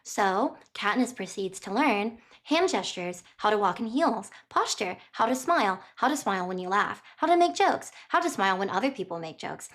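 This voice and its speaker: A woman's voice: mid-range voice, very animated, normal speed, hardly any pauses, fairly bright tone. A woman streamer casually retelling a novel chapter, rambling with lots of fillers, giggling and apologizing. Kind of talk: casual chatty book retelling.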